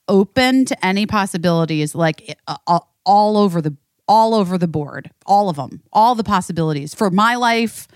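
A woman's voice: lowish voice, dry recording. Rambling, candid woman, dry close sound. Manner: rambling, emotional, swears freely. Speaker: podcast co-host. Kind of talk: candid casual chat.

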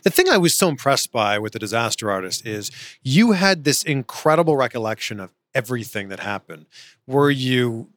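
Male host, casual interviewer, expressive pitch, close dry sound. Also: normal speed, dry recording. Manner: friendly, short affirming replies and open questions. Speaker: podcast host. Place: guest's home in Los Angeles.

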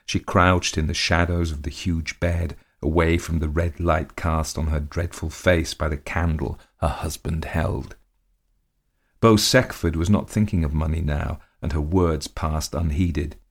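A man reads a period story aloud with measured, dramatic delivery. His voice is very deep, sitting in the lowest register. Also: fairly even intonation. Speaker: narrator. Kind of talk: scripted story narration.

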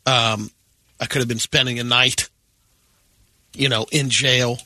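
A man co-hosting a radio show, dropping quick wry remarks into casual banter. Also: mid-range voice, flat delivery, bright, forceful tone, no room sound. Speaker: radio co-host.

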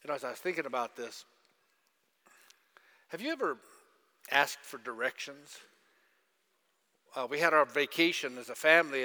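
Casting: bright, sharp-voiced male pastor, storytelling sermon, echoey church hall. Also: on the high side. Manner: storytelling, asks audience questions.

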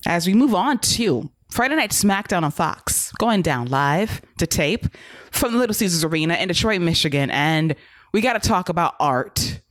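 A man's voice: sits high, expressive, moderate pace, a bit bright, dry recording. A man hosting a podcast, recapping wrestling in casual, profane, sarcastic chat. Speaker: podcast host.

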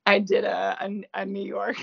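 A woman's voice: medium pitch, monotone, measured pace, gravelly, husky, muffled recording. A woman in her thirties whose first language is French, with a light French Canadian accent. She is an actress guest, chatting casually and self-deprecatingly with lots of fillers. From Gaspé, eastern Quebec, Canada. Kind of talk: casual interview chat.

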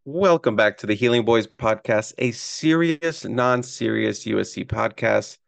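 A man hosting a casual sports podcast, talking in an excitable, rambling way with a hoarse, strained voice. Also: fairly low pitch, measured pace. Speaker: podcast host.

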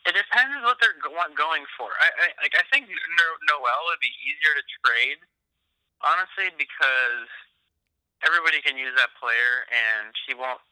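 Smooth, very bright man, hesitant sports talk. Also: a little high, expressive, moderate pace, dry recording, poor audio. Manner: hesitant, restarts often. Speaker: basketball talk co-host. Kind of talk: casual sports chat.

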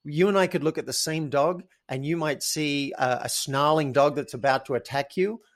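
A man's voice: a little high, normal speed. A man, a podcast guest who tells stories animatedly and acts out his own quoted thoughts. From Australia. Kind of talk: casual interview chat.

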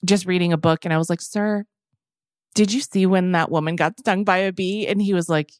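A middle-aged woman co-hosts a chatty podcast, spinning a long anecdote and popping into little voices for the friends she quotes. Her voice sits a bit low, and the recording is close and dry with no room sound. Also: fairly quick, no room sound. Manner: animated storyteller, acts out quoted friends. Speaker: podcast co-host. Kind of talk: casual chat.

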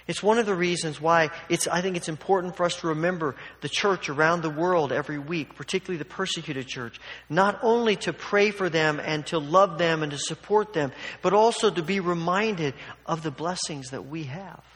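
Male pastor, conversational and emphatic sermon, higher-pitched voice. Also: normal speed, few pauses, a bit bright. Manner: conversational, emphatic, acts out quotes. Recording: long hall reverb.

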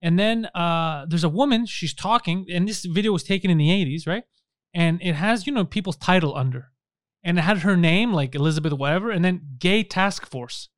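A man's voice: sits high, fairly quick, no room sound, studio quality. Young man swearing through casual stories. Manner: profane, mocking storyteller who acts out quotes. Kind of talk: casual chat.

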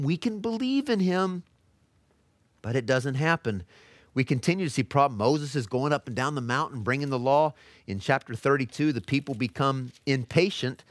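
An earnest man teaches through Bible passages in a lecture, and he slips into the voices of the people in the stories as he retells them. His voice sits at an ordinary middle pitch. The sound is dry and close, with no room echo. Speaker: seminary lecturer.

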